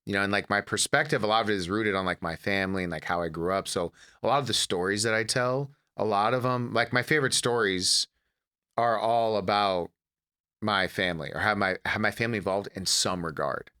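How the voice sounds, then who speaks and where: A man from Detroit talking in a casual interview with a lowish, bright, forceful voice. He tells family stories with animation and slips into quoting his mother. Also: fairly quick, clean tone. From Detroit, USA. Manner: animated storyteller, acts out his mother's lines. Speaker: comedian guest.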